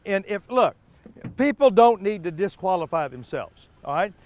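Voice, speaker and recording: A man hosting a car sales show from an outdoor dealership lot, pitching deals in a folksy, repetitive way. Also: sing-song, normal speed, darkish tone. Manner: folksy, repeats words, stumbles.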